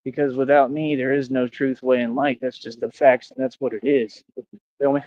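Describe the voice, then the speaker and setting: A man's voice: mid-range voice, flat delivery, normal speed, a little mellow, lo-fi sound. A man livestreaming, talking straight to his chat in a boastful, confrontational, slangy way. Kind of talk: casual livestream rant to chat.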